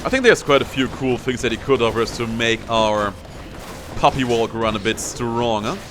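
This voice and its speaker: A young gameplay streamer gives casual commentary on his own play, playfully taunting enemies along the way. He speaks at normal speed with a medium-pitched voice over a noisy background.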